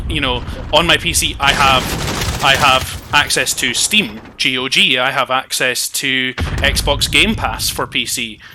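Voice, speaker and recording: A man co-hosting a casual chat about games and tech, animated and swearing, stumbling over his words. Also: medium pitch. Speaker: podcast co-host. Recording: gaming audio noise behind. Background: clicks and gunfire from a game.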